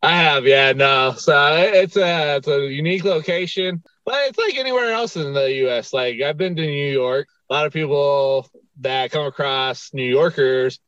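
A man's voice: a little high, moderate pace, a bit bright, no room sound. A man from Colorado hosting a podcast, talking in an easygoing, rambling way. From Colorado, USA. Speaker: podcast host. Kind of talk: casual interview chat. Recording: muffled audio with faint music.

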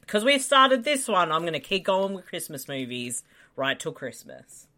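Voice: mid-range voice, sing-song, normal speed, bright, forceful tone. A podcast co-host in casual chat who teases and laughs along.

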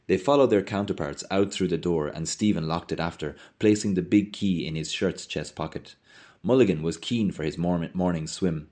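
Deep-voiced man reading a novel aloud. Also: moderate pace. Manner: expressive storytelling. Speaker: reader.

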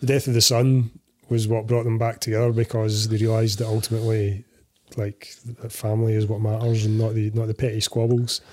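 Flat-toned Scottish man, measured. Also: lowish voice. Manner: measured, hesitant explaining with fillers. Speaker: podcast co-host. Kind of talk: casual film chat.

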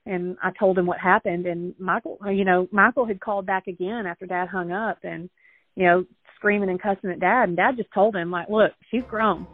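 A young adult woman telling a painful family story as an interview guest, earnest and halting, with many restarts. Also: fairly low pitch, fairly even intonation, dry recording, phone-quality sound. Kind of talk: emotional personal storytelling.

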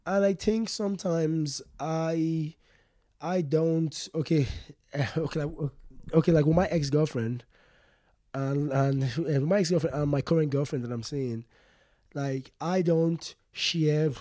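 A young man, a comedian speaking candidly in an interview, halting and repeating himself, often laughing. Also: a little high, mellow, no room sound, studio quality. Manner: halting, repeats words, frequent "you get me", laughs often. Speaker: stand-up comedian, guest.

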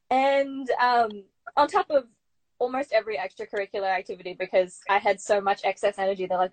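A young Australian woman, an actor, telling her story in a chatty, animated way as an interview guest. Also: medium pitch, moderate pace. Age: young adult. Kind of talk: casual interview chat.

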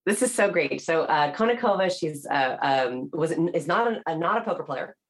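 A woman with a low-pitched voice talks through research as an interview guest. She explains briskly and with animated emphasis, often slipping into playful quoted voices to show an example. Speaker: author and body language researcher. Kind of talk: podcast interview.

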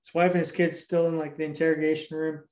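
A man's voice: on the high side, level tone, fast talker, darkish tone. A young man on a podcast, retelling a movie plot at length in a rambling, swear-heavy casual chat. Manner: rambling, heavy swearing, laughs while telling. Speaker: podcast co-host.

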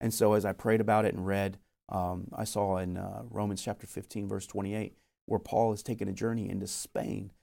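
A man's voice: fairly low pitch, flat delivery, normal speed, vocal fry, dark tone. A young man telling his story of being called to missions in an earnest, storytelling way. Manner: earnest, storytelling with acted quotes. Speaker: missionary guest. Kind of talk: testimony in interview.

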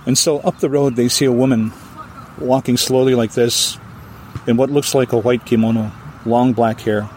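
A male storyteller from Hawaii tells a ghost tale in a lively, dramatic way. His pitch sits mid-range for a man. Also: moderate pace, slight background noise. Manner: vivid, animated telling with acted voices. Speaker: storyteller guest.

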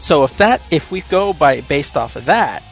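A man's voice: a little high, expressive, moderate pace, gravelly. Man, casual podcast chat, rambling, dull lo-fi sound, faint music underneath. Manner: rambling, with many fillers and restarts. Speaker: podcast co-host.

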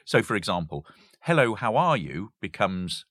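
A man's voice: lowish voice, sing-song, moderate pace, fairly bright tone, dry recording, studio quality. A man explaining language games in a casual chat, stopping to give examples and laughing often.

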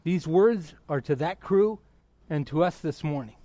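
A middle-aged male pastor preaching a sermon, excitable, bursting into yelling and then dropping back to a quiet, close tone. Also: fairly high pitch, a little slow, dry recording.

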